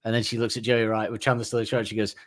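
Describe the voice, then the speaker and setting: A man's voice: lowish voice, little pitch movement, racing, dry recording, studio quality. A man, co-hosting a podcast and retelling sitcom scenes in a rambling, laughing way. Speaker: podcast co-host. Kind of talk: casual chat.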